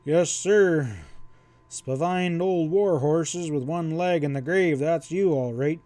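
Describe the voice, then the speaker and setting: List: man playing a grumbling old western cowhand, loud and forceful, dry close recording. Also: a little high, lively intonation, unhurried, no room sound. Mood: mocking. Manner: gruff, grumbling, indignant. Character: big gruff one-eyed redheaded old cowhand.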